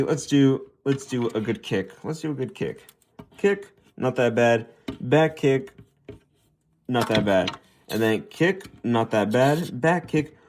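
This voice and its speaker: A man's voice: medium pitch, darkish tone. A young man casually reviewing action figures, rambling and stuttering as he repeats himself while posing them. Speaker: toy reviewer.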